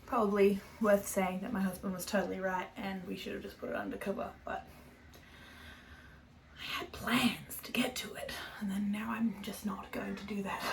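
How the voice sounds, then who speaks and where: A woman's voice: mid-range voice, level tone, normal speed, creaky, long pauses, a little hiss or hum. Young Australian woman, casual knit-and-chat host, chatty and self-correcting. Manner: chatty, rambling, self-correcting, laughs often. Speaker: knitting podcast host.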